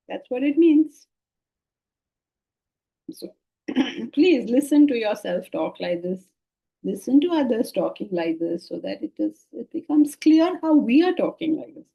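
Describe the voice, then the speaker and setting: An older woman with an Indian English accent giving a spiritual lecture on scripture, lively and full of rhetorical questions and laughter. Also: on the high side, vocal fry, husky, highs cut off. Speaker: Vedanta teacher.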